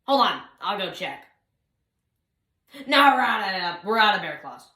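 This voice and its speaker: A young woman voicing a gruff, deadpan male donut shop clerk in a comic monologue. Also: mid-range voice, unhurried, roomy sound.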